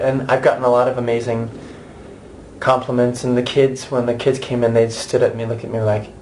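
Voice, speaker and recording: A man's voice: mid-range voice, flat delivery, brisk, a little mellow, a little hiss or hum. An American man in his thirties, an actor giving a candid, chatty interview with many restarts and asides. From United States.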